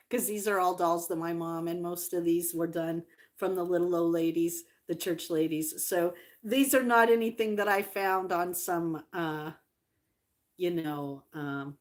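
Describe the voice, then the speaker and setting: A middle-aged woman vlogger chatting casually to her viewers, rambling with fillers and doting warmly over old collectibles. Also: fairly low pitch, a little slow. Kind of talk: casual livestream chat.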